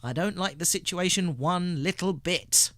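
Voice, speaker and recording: A man's voice: high voice, unhurried, no room sound, voice pushed up. A man voicing an uneasy, talkative male computer engineer, speaking urgently in a storybook reading. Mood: worried. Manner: urgent, animated delivery.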